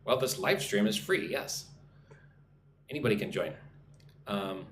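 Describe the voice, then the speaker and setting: A man's voice: mid-range voice, big pitch swings, normal speed. A male English teacher on a live stream, reading viewers' chat messages and modelling exam answers with pronunciation drills. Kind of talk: live-streamed speaking lesson. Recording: roomy echo, faint background noise.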